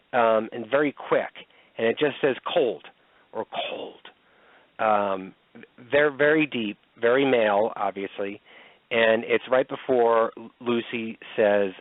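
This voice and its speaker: Male radio co-host, casual and repetitive, low voice, phone-quality sound. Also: no echo. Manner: plain and repetitive, with many ums. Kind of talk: casual radio talk, explaining evidence. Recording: dry, phone-like line.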